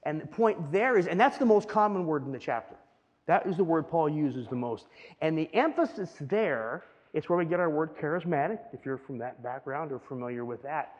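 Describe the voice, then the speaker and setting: A man's voice: fairly high pitch, animated, normal speed, darkish tone, lo-fi sound. A man preaching a teaching sermon with a slightly raised voice. He talks in an easy, conversational way, stopping often to check that the congregation follows. His words ring out with a long reverb, like a church sanctuary. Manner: conversational, keeps asking "right?". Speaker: pastor.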